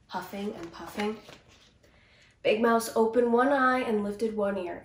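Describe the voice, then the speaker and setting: A woman actor reading a children's picture book aloud with gentle, expressive storytelling. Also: mid-range voice, moderate pace. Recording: roomy, distant mic.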